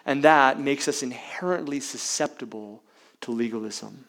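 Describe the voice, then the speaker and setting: A man's voice: medium pitch, normal speed, vocal fry. Emphatic male pastor preaching. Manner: emphatic, with dramatic swings between loud and hushed; uses rhetorical questions to the congregation. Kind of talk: sermon.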